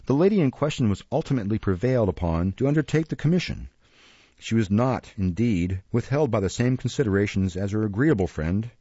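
A man reading a classic novel aloud as an audiobook narrator in a measured way. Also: lowish voice, dark tone, breathy edge, dry recording, lo-fi sound. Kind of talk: scripted narration.

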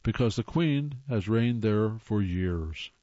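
A man's voice: on the low side, lively intonation, takes it slowly, mellow, dry recording, lo-fi sound. A man hosting a show, casually reading corny jokes aloud and groaning wryly at how bad they are. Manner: reads jokes then groans at them wryly.

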